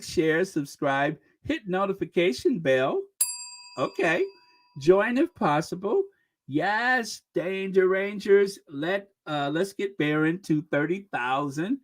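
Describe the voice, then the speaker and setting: A woman hosting a live stream, casually chatting and reading viewer comments with lots of laughter and exclamations. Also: sits low. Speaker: livestream host reading super chats.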